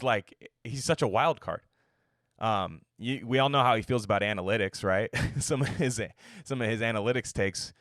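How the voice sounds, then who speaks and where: A man's voice: fairly low pitch, fairly bright tone, no room sound, studio quality. A young man hosting a casual sports commentary show, rambling, swearing and joking as he acts out coaches' quotes. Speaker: sports podcast host.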